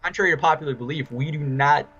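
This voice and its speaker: A man's voice: on the high side, fast talker, dull audio, a crowd in the background. A man from Wisconsin with an Upper Midwest accent, an MMA fighter chatting easily as an interview guest, often laughing and repeating words. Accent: Upper Midwest American. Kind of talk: casual interview chat.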